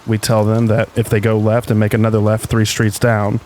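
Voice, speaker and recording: A man reading stories aloud in calm, unhurried scripted narration meant for falling asleep. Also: on the low side. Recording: faint rain noise behind.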